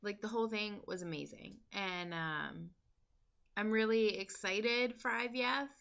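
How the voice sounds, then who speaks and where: A woman's voice: medium pitch, unhurried, creaky, fairly bright tone, highs cut off. A woman vlogger talking in a casual diary style, chatty and candid, with lots of ums and likes. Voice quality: chatty, filler-heavy and candid.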